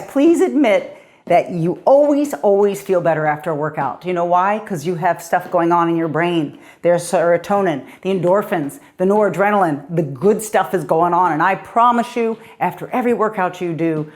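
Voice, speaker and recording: A fitness coach, a middle-aged woman with a fairly low, darkish, expressive voice, talks at normal speed through a guided cardio session. She counts down reps and encourages the listener cheerfully, a little out of breath as she moves.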